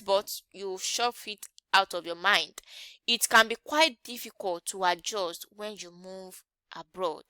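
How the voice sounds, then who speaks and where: Woman, English teacher, bright clear voice, dry close sound, asks rhetorical questions as she explains. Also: medium pitch, moderate pace, no room sound. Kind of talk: online grammar lesson.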